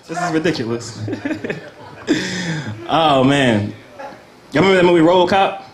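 A young American man working an open-mic stand-up set, his voice sitting high as he rambles from bit to bit. He laughs at his own jokes. His voice carries around an echoey little cafe room. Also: moderate pace, a crowd in the background. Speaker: stand-up comedian. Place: small cafe comedy night.

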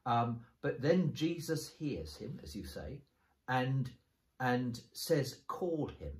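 Male bishop, conversational teaching voice, mid pitch, restarts often, recorded in an echoey room. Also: slow. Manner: thoughtful, explains step by step with frequent restarts. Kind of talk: conversational bible discussion. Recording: roomy echo.

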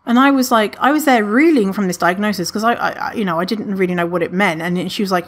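A woman's voice: medium pitch, fast, few pauses. Give me a candid, casual woman host chatting through listener questions. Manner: candid, chatty, frequent fillers, animated when retelling. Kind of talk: casual podcast monologue.

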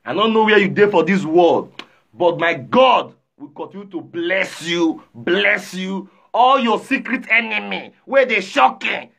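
A man with a Nigerian accent, chatting live and reading viewer comments aloud, animated, often shouting and repeating himself. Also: high-pitched, measured pace, gravelly. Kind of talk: casual live-stream chat.

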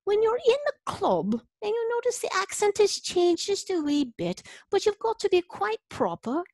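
A woman putting on a playful, exaggerated Irish lilt as a prim, proper lady, high and sing-song. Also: sing-song, moderate pace, darkish tone, no echo, exaggerated voice.

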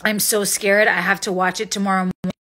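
A woman in her thirties chatting casually on a livestream, excitable and emotional, laughing often. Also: medium pitch, fast talker. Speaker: livestream host. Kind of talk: casual live chat.

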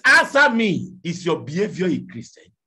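A man preaching a fiery sermon, shouting and pleading, firing questions at his congregation. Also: sits high, sing-song, moderate pace, breathy edge.

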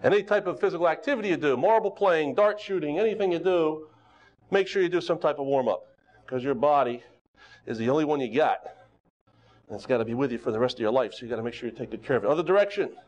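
A man teaching karate who leads students through a warm-up, calling out exercises and teasing them with jokes. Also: on the high side, fast. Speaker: karate instructor. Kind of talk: leading a warm-up on a local TV show. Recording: dull lo-fi TV studio sound.

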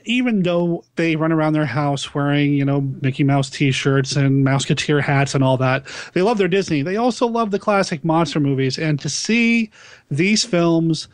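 A man's voice: a little high, normal speed, clear, resonant tone, dry recording. A man hosting a podcast, chatting casually and enthusiastically, often laughing. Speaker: podcast host. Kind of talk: casual chat.

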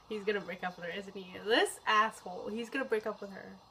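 A woman's voice: mid-range voice, steady tone, quick pace, slight background noise. A young woman talking casually as she reacts to a music video, chatty and exclamatory, swearing freely. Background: faint music video playing.

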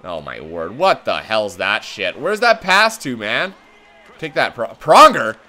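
Man, let's play commentary, lively pitch, bright tone, play-by-play calls, swears when frustrated. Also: a little slow. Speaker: gaming channel host.

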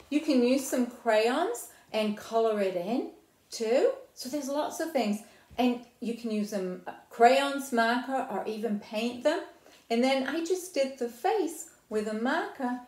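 A middle-aged woman with a fairly high voice runs a hands-on science and craft lesson for children. She talks the viewer through each step and keeps asking what they think. The sound bounces around an echoey room. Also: a little mellow. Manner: friendly, explains step by step, asks the viewer questions. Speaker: children's library program presenter.

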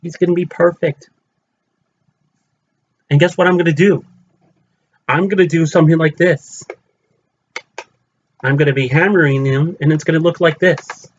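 A man's voice: fairly high pitch, steady tone, moderate pace, pauses often, lo-fi sound, slight background noise. A man vlogging about his collection, gushing and repeating himself as he speaks straight to his fellow fans. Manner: gushing, repetitive, addresses viewers as fellow fans. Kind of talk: excited unboxing vlog.

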